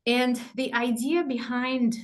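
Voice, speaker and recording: A middle-aged woman leads a workshop in a fairly high voice. She is animated, laughs a lot and acts out the thoughts in her head. Her talk is lively and personal. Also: slow. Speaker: masterclass teacher. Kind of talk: live online workshop teaching.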